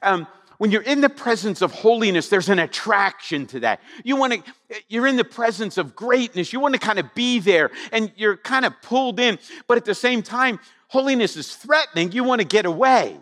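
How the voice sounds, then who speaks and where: Male pastor, high and lively voice, chatty sermon style, long hall reverb. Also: moderate pace, few pauses. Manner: animated, conversational, frequent rhetorical questions.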